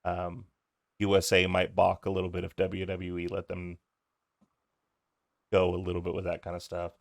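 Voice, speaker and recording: Deep gravelly man recapping wrestling. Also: completely flat delivery, normal speed, no room sound, clean studio sound. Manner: laid-back, quotes lines from the show. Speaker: podcast co-host. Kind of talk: casual wrestling recap chat.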